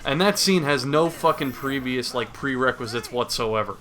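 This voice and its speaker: A man's voice: medium pitch, expressive, normal speed, a bit bright. A man giving a crude, sarcastic, rambling comedic recap of a movie as a video host. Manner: rambling, crude, sarcastic, mocks with silly voices.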